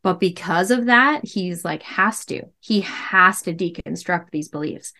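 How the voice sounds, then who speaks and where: A woman's voice: fairly low pitch, measured pace. A woman in her thirties telling her own story as a podcast guest, candid and emphatic, full of "like" fillers. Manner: animated, emphatic, many "like" fillers.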